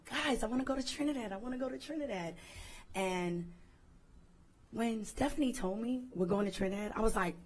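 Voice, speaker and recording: A woman who is a reality TV cast member giving an excited, effusive speech at an event. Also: fairly low pitch, a little hiss or hum, low-quality recording.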